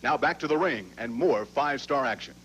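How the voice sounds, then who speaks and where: A man's voice: mid-range voice, lively intonation, normal speed, fairly bright tone, slightly rough, rough recording. A man reading scripted promotional announcements for a televised wrestling show.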